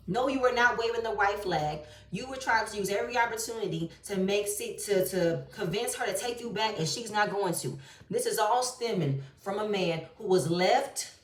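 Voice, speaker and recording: A woman's voice: mid-range voice, recorded from a distance. A woman delivers casual reaction commentary on a reality show, blunt and exasperated, with plenty of swearing. Her voice sits a little back from the microphone in a room that echoes noticeably. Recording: roomy echo, voice a bit off-mic.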